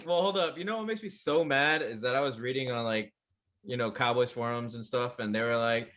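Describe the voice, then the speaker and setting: A man's voice: mid-range voice, fairly quick, fairly bright tone. A man co-hosting a casual sports chat, blunt and profane, and easily worked up. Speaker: co-host.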